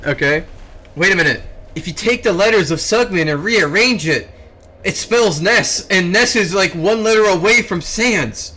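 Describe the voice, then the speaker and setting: A young man chatting casually on a stream, excitable and quick to laugh and slip into silly voices. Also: high-pitched, slight background noise. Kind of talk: casual stream chat while drawing.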